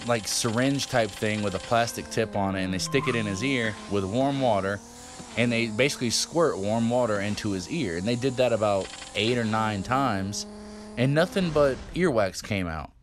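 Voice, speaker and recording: A man's voice: fairly low pitch, moderate pace, background noise. A man in his fifties telling a story for his vlog in a casual, rambling way, with frequent swearing and fillers. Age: 50s. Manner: rambling, profane, lots of fillers. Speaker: vlogger.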